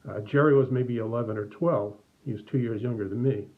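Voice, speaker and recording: A middle-aged man tells a story to children at a church service, bringing it to life with the voices he puts on along the way. His voice sits at an everyday pitch, and the recording sounds thin and tinny, as if heard over a phone line. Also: brisk. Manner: animated, acts out voices. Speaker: children's message speaker. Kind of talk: storytelling to kids.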